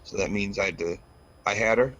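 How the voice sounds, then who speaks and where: A man in his thirties co-hosting a casual podcast, swearing a lot and acting out quotes in a higher voice as he tells stories. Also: a little fast, fairly bright tone. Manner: profane, storytelling, acts out quotes in a higher voice. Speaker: podcast co-host. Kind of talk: casual chat. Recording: dull lo-fi sound with faint noise.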